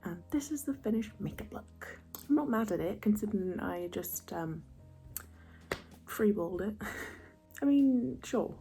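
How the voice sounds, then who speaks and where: A young woman chatting casually through a makeup routine, soft and often half-whispered, chatty and self-mocking. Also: mid-range voice, expressive, measured pace, long pauses, faint music behind. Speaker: beauty vlogger.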